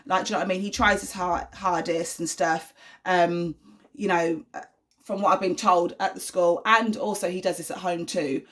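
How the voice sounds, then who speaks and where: A young woman talks casually to her audience about her son. Her voice sits slightly low, and her speech wanders with ums, restarts and constant "do you know what I mean" asides. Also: fairly even intonation, normal speed, fairly bright tone. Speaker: vlogger, mother of an autistic son. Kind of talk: casual talk to camera.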